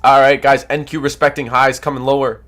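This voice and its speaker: A man's voice: medium pitch, a little fast. A young Canadian man hosting a trading livestream, reading viewer comments and coaching in a hyped, casual way, with a nose stuffed up from allergies. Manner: energetic, hyped, coaching chat.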